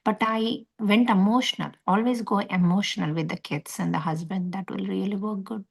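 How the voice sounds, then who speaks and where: A middle-aged spiritual teacher gives earnest advice in a question and answer session. Her voice carries a gravelly fry at a middling pitch. She repeats her points and often drops into soft, breathy near-whispers. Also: fairly even intonation, moderate pace.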